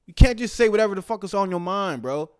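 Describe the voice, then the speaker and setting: A young man giving casual, heated commentary, profane and swinging between loud outbursts and low muttered asides. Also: expressive, fast talker, clear, resonant tone, no room sound, studio quality.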